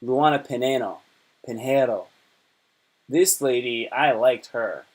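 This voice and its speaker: Guy rambling on his livestream, mid pitch, slangy, jokey, reading tweets out loud. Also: measured pace. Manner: slangy, rambling, reads tweets aloud and jokes. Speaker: livestream host. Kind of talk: casual chat.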